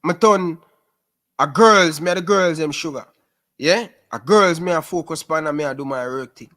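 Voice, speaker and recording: A man's voice: a little high, normal speed. Young Jamaican man telling stories. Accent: Jamaican Patois. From Rema, Jamaica. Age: 20s. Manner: lively storyteller who keeps calling the host "sis". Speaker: interview guest. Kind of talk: casual storytelling in an interview.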